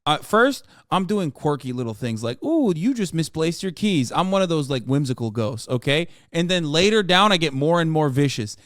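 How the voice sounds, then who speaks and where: Loud, animated man ranting on stream. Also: a little high, normal speed, few pauses, clean tone, no echo, studio quality. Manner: animated, swearing, rising to loud excited rants. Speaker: streamer reacting to a video. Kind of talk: casual profane reaction commentary.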